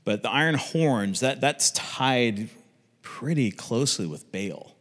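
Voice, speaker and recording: A man's voice: medium pitch, animated, takes it slowly, fairly bright tone. A man giving a casual Bible teaching, telling the story conversationally with asides. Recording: long reverb.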